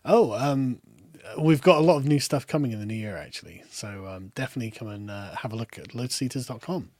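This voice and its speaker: A male guest in an interview, with a mid-pitched voice and a hesitant way of talking. He pauses and fills gaps often, and the recording is dry. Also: a little mellow, dry recording. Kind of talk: casual interview.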